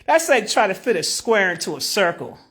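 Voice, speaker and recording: A woman talks straight to her live-stream viewers in loose, slangy commentary. She is animated and quick to laugh, and she argues her point with playful disbelief. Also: medium pitch, husky. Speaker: livestream host.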